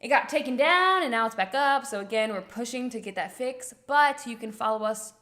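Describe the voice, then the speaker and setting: A woman's voice: fairly high pitch, expressive, fairly bright tone. Upbeat woman co-hosting a casual livestream. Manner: friendly, upbeat, quick to laugh. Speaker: co-host of a couple's livestream. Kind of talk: casual live chat.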